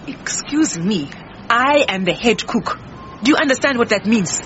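An actress playing a proud, defensive head cook who talks brusquely. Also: female voice, on the high side, expressive, measured pace, fairly bright tone. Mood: indignant. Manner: brusque, indignant. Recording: muffled with faint hiss.

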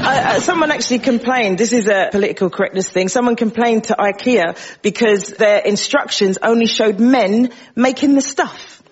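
A man does conversational stand-up in a strikingly high voice. The sound is muffled, with a lively audience and clatter behind him. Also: heavy background noise. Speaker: stand-up comedian.

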